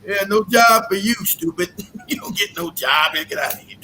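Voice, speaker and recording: Guy with a high sharp voice ranting on his podcast, crude and mocking, laughs a lot. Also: big pitch swings, moderate pace, soft background music, rough recording. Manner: profane and mocking, laughing often. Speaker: podcast host. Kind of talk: casual rant.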